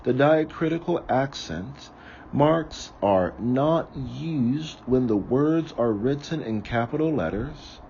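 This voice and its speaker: A man reading aloud from a book, slowly and carefully, sometimes correcting himself. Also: mid-range voice, lively intonation, creaky, warm tone, highs cut off, slight background noise. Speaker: reader of a book on ritual.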